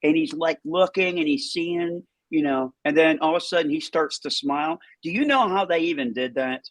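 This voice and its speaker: A man's voice: fairly high pitch, normal speed, fairly bright tone, dry recording. A man hosting a casual chat, with chatty, encouraging interjections. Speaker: host.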